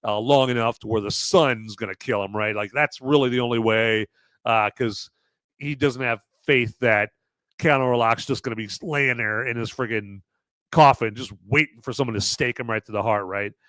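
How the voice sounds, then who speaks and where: A man hosting a podcast, giving a casual, rambling movie review with animated asides. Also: mid-range voice, moderate pace, no room sound, clean studio sound. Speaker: podcast host.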